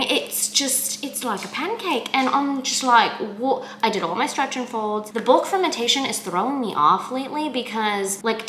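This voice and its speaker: A young woman talks through her day in a bright, sharp-edged voice, rambling and poking fun at herself with quick asides. She sounds roomy and a little echoey, as if filmed in a bare apartment kitchen, with a faint hum of background noise. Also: on the high side. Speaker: vlogger. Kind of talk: casual chatty vlog.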